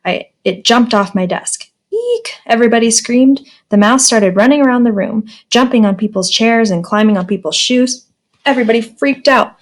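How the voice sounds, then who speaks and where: A woman's voice: a little high, moderate pace. A woman teacher reading a children's storybook aloud in a friendly, plain manner.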